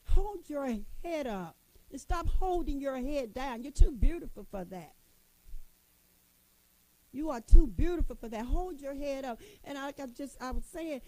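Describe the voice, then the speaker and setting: A woman's voice: high-pitched, a little mellow, rough recording. A middle-aged woman giving a motivational talk to women, folksy and emphatic, repeating her points and calling listeners honey. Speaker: motivational speaker addressing women.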